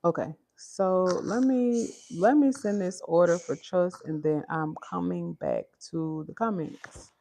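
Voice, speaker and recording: A woman hosting a casual livestream from home, her throat a little scratchy from a cold, chatting with viewers as "y'all" while she gently corrects her small child. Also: on the low side, a little slow, few pauses. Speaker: livestream host.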